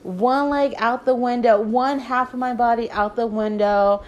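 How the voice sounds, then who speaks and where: A woman's voice: a little high, fairly even intonation, unhurried, highs cut off. A young adult woman telling a casual story to camera, chatty and profane, with lots of "like" fillers. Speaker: vlogger.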